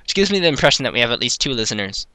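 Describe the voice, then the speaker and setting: Lively, bright-voiced man. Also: mid-range voice, dry recording. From Canada. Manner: joking, rambling, quick asides. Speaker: voice actor. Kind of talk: casual group call. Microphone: video call.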